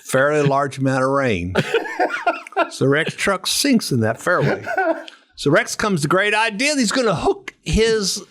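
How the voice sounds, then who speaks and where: A middle-aged man telling stories as a guest on a podcast, animated, with casual storytelling. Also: on the high side, measured pace. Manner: animated storyteller who acts out voices.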